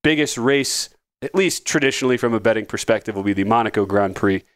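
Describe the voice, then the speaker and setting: A man's voice: on the low side, fast talker, a bit bright, dry recording. A man hosting a sports betting podcast, talking casually with wry asides and frequent restarts. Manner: rambling, self-correcting, wry asides. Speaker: podcast host.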